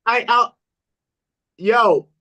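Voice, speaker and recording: A man's voice: very high voice, very slow, bright, forceful tone, low-quality recording. Rambling male ring announcer on a podcast. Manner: rambling, repeats himself, acts out quotes. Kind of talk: casual chat, storytelling.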